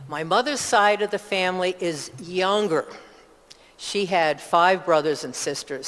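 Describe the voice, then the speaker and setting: A woman's voice: low voice, in a large hall. An older woman from upstate New York with that region's accent, giving a chatty, digressive personal testimony in church with many asides. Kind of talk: personal testimony, rambling storytelling.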